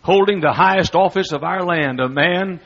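A man preaching a sermon, telling a folksy, humorous story with loud bursts. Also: high voice, moderate pace. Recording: dull lo-fi recording.

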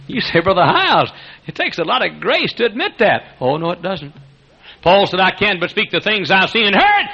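Chuckling folksy older preacher. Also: male voice, fairly high pitch, gravelly, slightly rough. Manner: folksy storytelling, chuckling, swings to loud exclamations. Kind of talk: sermon. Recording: dull lo-fi sermon recording.

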